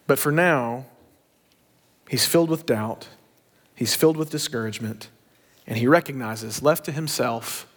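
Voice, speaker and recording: A pastor preaching a sermon, telling a story with emphatic, shifting pace. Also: male voice, mid-range voice, measured pace, long pauses.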